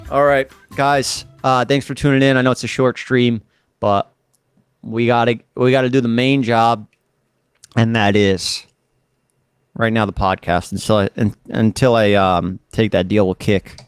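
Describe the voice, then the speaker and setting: A man's voice: mid-range voice, fairly even intonation, unhurried, clear, resonant tone, no echo. A man hosting a podcast in casual chat, joking and rambling with mock-tough banter. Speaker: podcast host.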